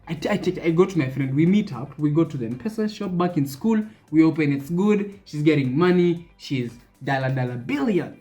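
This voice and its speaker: A young Kenyan man vlogging, telling a story in an animated way and acting out the people in it. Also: a little high. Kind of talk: storytime vlog.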